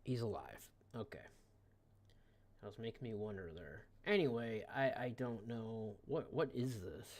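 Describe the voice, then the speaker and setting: A man's voice: lowish voice, expressive, normal speed. Mocking, rambling male streamer. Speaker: live streamer. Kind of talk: casual reaction commentary.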